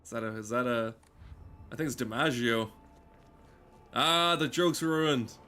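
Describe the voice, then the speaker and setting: A man's voice: mid-range voice, unhurried, bright, forceful tone. A man giving casual game commentary, rambling and self-mocking, swearing often and stumbling over fillers. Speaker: let's play gamer.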